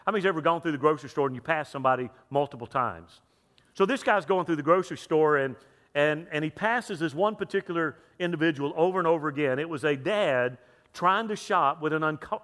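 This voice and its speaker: Male pastor, fairly high voice, chatty sermon in a big echoey church. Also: fairly bright tone. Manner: chatty, repeats words, asks the crowd questions. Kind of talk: sermon with jokes and a story. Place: church sanctuary. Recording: long reverb of a large hall.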